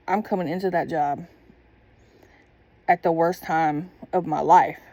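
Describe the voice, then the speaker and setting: Woman, blunt and profane storyteller, lowish mellow voice, dry sound. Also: no room sound. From Southern United States. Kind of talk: casual storytime monologue.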